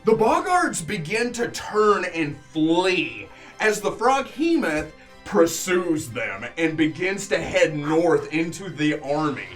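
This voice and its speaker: A man serving as game master, narrating a tabletop battle vividly and unhurriedly, pausing on fillers as he goes. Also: on the high side, big pitch swings, a bit bright, faint music behind.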